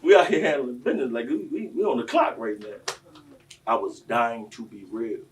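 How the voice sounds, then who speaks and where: A man, telling stories on a panel in a preachy, impassioned way that swings between quiet and loud. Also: medium pitch, normal speed, recorded from a distance. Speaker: panel speaker.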